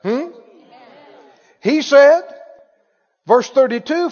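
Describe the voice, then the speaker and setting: A man preaching a lively sermon, calling out to the congregation and acting out anxious voices. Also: extremely high pitch, unhurried, long pauses. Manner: animated, calls for responses, acts out worried voices. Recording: dull echoey hall recording.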